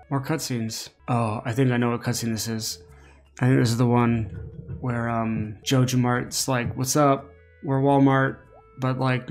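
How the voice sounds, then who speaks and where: A man hosts a casual gameplay video, full of playful, jokey asides. His voice has a gravelly fry at mid pitch. Faint music plays behind him. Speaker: gaming video host.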